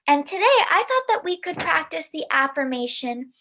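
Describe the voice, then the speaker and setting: A woman leading a mindfulness lesson for children, giving gentle, soothing instructions. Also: sits high, sing-song, normal speed, few pauses. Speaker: mindfulness teacher.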